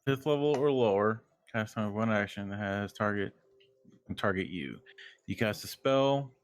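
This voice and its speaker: A man's voice: on the low side, expressive, normal speed. Guy running a tabletop game, looks up spell rules, lots of restarts. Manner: checks rules aloud, hesitant restarts. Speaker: dungeon master.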